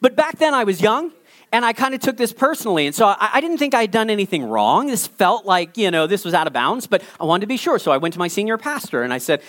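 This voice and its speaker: A man in his forties delivering a sermon with lively, story-driven humor. His voice sits high for a man and swings widely in pitch as he acts out his reactions. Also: fast. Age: 40s. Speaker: pastor. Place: church service.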